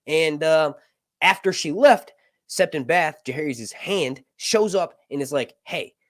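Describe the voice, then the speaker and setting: A man's voice: on the high side, animated, unhurried, fairly bright tone, no echo, clean studio sound. A man hosting a casual livestream Q&A, rambling through fantasy lore and swearing casually. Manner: rambling, swears casually, asks "right?" often. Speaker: host of a livestream Q&A.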